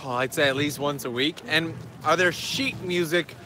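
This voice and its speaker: Strolling through a park, this livestream host chats casually and fields questions from viewers. His voice sits on the high side, his pace is moderate, and the background is noisy.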